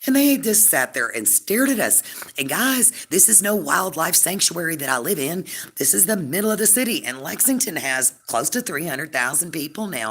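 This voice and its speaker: Bright-voiced chatty woman live-streaming. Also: low voice, husky. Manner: rambling, chatty, heavy on fillers; affectionate toward viewers. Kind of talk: casual live stream chat.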